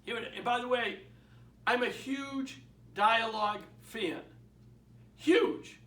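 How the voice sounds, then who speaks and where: An older man giving a real estate training talk, animated and acting out phone dialogues. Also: very high-pitched, a little slow. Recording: echoey room, mic at a distance.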